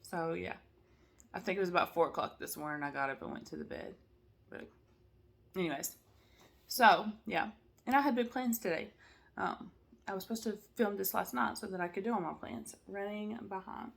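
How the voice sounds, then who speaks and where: A woman's voice: medium pitch, normal speed, gravelly, pauses often. A tired woman chatting casually to camera at home, rambling with lots of fillers and asides. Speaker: cross-stitch vlogger.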